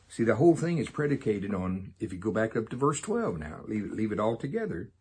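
A man giving informal Bible teaching in a folksy, excitable way, with jokey asides and chuckles. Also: medium pitch, fast, few pauses, slightly rough.

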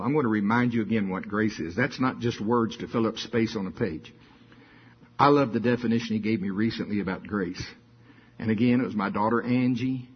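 An older man delivers a sermon with a folksy, storytelling touch that swells into emphatic bursts. His voice is husky, and the recording sounds dull and lo-fi. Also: lowish voice, fairly quick. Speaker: preacher.

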